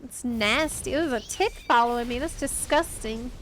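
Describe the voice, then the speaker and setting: A woman streamer chatting casually and reacting out loud while she plays a video game. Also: fairly high pitch, normal speed, background noise. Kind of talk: casual gameplay commentary.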